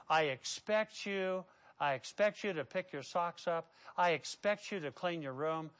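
A man preaching a sermon, building to loud emphatic peaks and then dropping to a low, quiet delivery, with a repetitive cadence. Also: smooth. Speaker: pastor.

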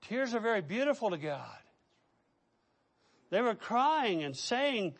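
High-voiced emphatic male preacher. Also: big pitch swings, slow, long pauses, husky. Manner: swings from loud preaching to soft asides; emphatic word lists, direct questions to the congregation. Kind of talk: sermon.

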